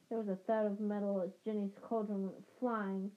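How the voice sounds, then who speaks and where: A woman's voice: mid-range voice, flat delivery, normal speed, hardly any pauses, narrow, tinny audio. A woman reading a fantasy novel chapter aloud, stumbling and rereading lines as she goes. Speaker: reader.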